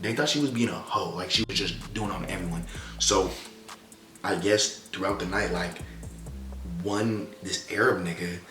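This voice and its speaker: Speaking at a normal speed in a low-sitting voice, a young man vlogs a story casually, using slang and profanity and performing the quotes as he goes. Faint music plays behind a roomy, echoey recording.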